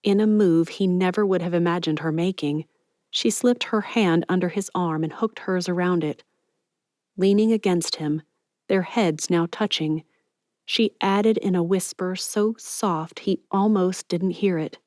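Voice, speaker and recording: A woman narrating an audiobook in a steady, even storytelling manner. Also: fairly low pitch, a little slow, dry recording, clean studio sound. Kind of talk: scripted narration.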